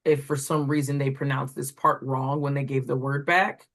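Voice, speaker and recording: A woman's voice: rumbling low, flat delivery, moderate pace. A woman walking through reading correction steps as a tutor trainer, explaining step by step with fillers while pointing at examples. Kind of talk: instructional walkthrough.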